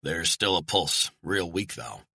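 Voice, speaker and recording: A man voicing a cold male operative who speaks slowly and flatly while posing as a helpful hiker in an audiobook. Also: low-pitched, creaky, husky, no room sound, clean studio sound, heavily acted. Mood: calm. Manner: slow, calm, flat reassurance. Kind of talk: audiobook character reading.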